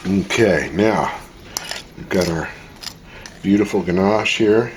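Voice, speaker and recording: Low-voiced man chatting through a cooking demo. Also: takes it slowly, a little hiss or hum, rough recording. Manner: relaxed, chatty, self-deprecating. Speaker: home cooking show host. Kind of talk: casual cooking demonstration. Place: home kitchen.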